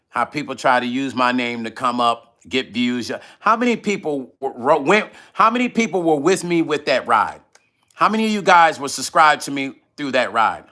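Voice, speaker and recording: Eating on camera, a middle-aged livestream host reads viewer comments aloud and chats in a loose, conversational way, repeating himself often, especially when emotional. His mid-range voice sounds bright and forceful.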